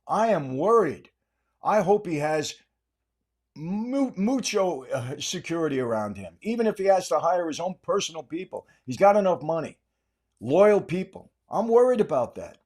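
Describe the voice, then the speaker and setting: An older man talks straight to his listeners in a political commentary monologue. He hammers each point with rhetorical questions and says it again and again. His voice sits a little higher than most men's. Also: a little mellow. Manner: emphatic, repetitive, rhetorical questions. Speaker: podcast host.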